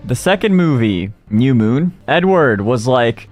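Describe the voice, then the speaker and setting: A man's voice: medium pitch, expressive, unhurried, darkish tone, soft background music. A man casually recapping in a rambling, playful way, acting out quotes. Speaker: streamer.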